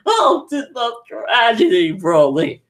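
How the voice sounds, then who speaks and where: A man's voice: high voice, sing-song, unhurried, a bit bright, voice pushed up, full character voice. A man putting on the voice of a male alien tyrant who fakes over-the-top, mock-tragic grief.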